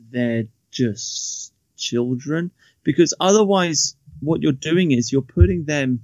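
Man, gravelly voice, rambling casual talk full of restarts; dull, dry lo-fi recording. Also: mid-range voice, darkish tone, dry recording. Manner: rambling, with many restarts and mocking asides. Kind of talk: casual podcast chat.

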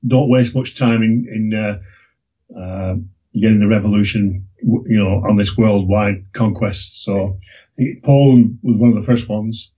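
A man, talking in a rambling, halting way on a casual podcast, with many restarts. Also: lowish voice, fairly even intonation, warm tone, husky. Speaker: regular guest presenting a documentary series. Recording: dull lo-fi recording.

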